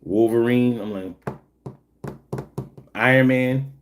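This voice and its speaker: A man's voice: takes it slowly, slight background noise. A man hosting a casual livestream, reading chat and telling joking, profane stories. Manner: animated, swings high when telling stories.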